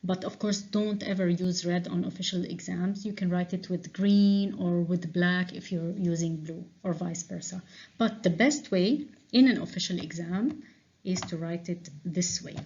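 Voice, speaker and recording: A woman teacher going through revision answers with a class, explaining slowly and checking in with frequent "okay?"s. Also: lowish voice, darkish tone, slight background noise. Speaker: English teacher. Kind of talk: revision lesson walkthrough. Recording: dull lo-fi recording.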